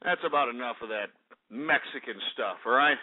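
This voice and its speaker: Medium-pitched and moving at a normal clip, this male call-in radio host is brash, profane, and out of breath as he mocks the people phoning in. It's crude comedic call-in radio, heard over a tinny phone-line broadcast with faint music underneath.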